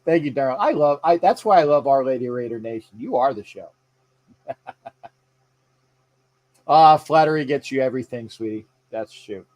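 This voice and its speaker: A man's voice: mid-range voice, expressive, normal speed, pauses often, darkish tone. A man hosting a casual live sports show, rambling and chatty as he reads out viewer comments. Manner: frequent fillers and restarts. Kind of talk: casual live-stream chat.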